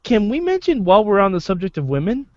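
A man's voice: sing-song, fast, a little mellow, dry recording. Male podcast co-host, eager interrupter, dull lo-fi sound. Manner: eager, cuts in, trails off low. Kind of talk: casual chat. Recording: muffled lo-fi audio.

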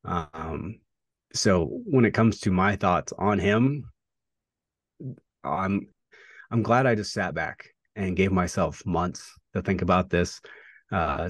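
A man, a pro wrestler, talking through a rivalry in a casual interview, reflective and halting with fillers and restarts. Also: low-pitched, no echo.

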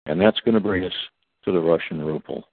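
A man's voice: deep voice, brisk, no room sound. A man speaking as a guest on a talk radio show, in a long emphatic monologue, spelling out acronyms letter by letter. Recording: tinny phone line.

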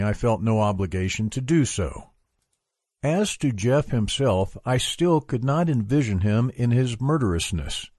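A man reading a memoir aloud for a book club, at a measured, even pace. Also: fairly low pitch, no room sound, studio quality.

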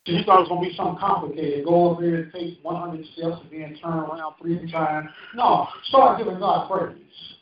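A man's voice: a little high, brisk, hardly any pauses. A male pastor preaching a fervent sermon, emphatic, with call-and-response to the congregation. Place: church sanctuary. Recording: echoey hall, distant mic, dull sound.

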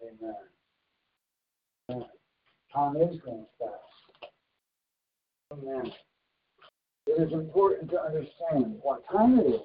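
A man preaching and giving church announcements in a slow, emphatic way, repeating his instructions. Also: on the high side, animated. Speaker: pastor. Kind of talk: sermon with announcements. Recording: dull lo-fi recording.

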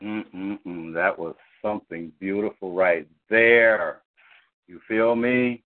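A man hosting a call-in show in relaxed, slangy casual chat, often repeating his phrases. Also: deep voice, slow pace. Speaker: show host. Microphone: phone. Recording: tinny phone line.

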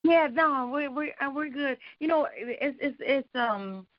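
A woman's voice: high voice, animated, unhurried, no room sound. A woman guest on a talk radio show, speaking in an encouraging, faith-centered way. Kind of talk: casual chat. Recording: dull, dry lo-fi radio sound.

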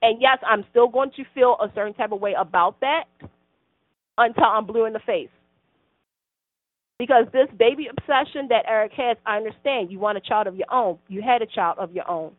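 A woman's voice: fairly high pitch, fairly quick, no room sound. A woman in a casual soap opera chat, talking in an earnest, rambling way. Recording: tinny phone-like line, dry.

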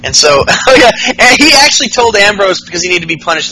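Bright-voiced rambling male podcast host. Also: high-pitched, big pitch swings, quick pace, hardly any pauses, a little hiss or hum, low-quality recording. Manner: rambling, profane, with lots of fillers. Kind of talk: casual wrestling recap.

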